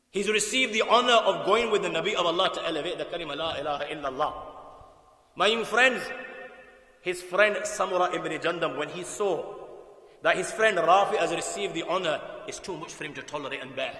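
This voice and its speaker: A man preaching a sermon to young listeners, telling stories with passion, swinging from loud bursts to quiet drops. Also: high-pitched, fairly quick. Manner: impassioned, emphatic storytelling with sudden loud bursts and quiet drops. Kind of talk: sermon storytelling to youth. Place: mosque hall. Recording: echoey mosque hall.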